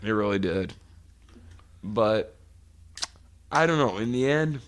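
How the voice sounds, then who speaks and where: A man's voice: on the low side, lively intonation, takes it slowly, long pauses, slight background noise. A man in his forties co-hosting a podcast, telling a long profane story in casual chat. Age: 40s. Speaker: podcast co-host.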